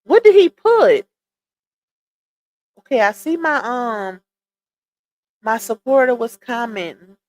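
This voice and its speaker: A woman's voice: fairly high pitch, sing-song, takes it slowly, long pauses, a little mellow, dry recording. A woman hosting a casual livestream, chatting with viewers, reading comments aloud and laughing often. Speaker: livestream host.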